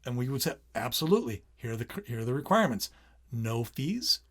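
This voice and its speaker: A middle-aged man co-hosting a casual parenting podcast, talking animatedly and acting out his kids' lines in quick quoted bits. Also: mid-range voice, sing-song, slightly rough. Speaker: podcast co-host.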